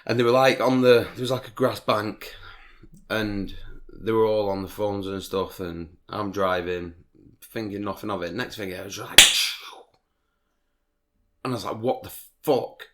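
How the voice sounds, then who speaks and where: A man's voice: on the low side, steady tone, normal speed, long pauses, slight background noise. A man, hosting a podcast, telling a long rambling story in casual chat with lots of swearing. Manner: rambling storytelling, heavy swearing, frequent laughs. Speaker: podcast host.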